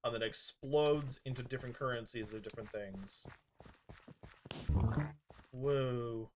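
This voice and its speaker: A man's voice: mid-range voice, fairly even intonation, unhurried, slight background noise. A man with a mid-range voice talking through his gameplay in a loose, casual way. He laughs a lot, scolds the creatures on screen and drops into muttered asides under his breath. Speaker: gaming streamer. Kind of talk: casual gameplay commentary, reading chat.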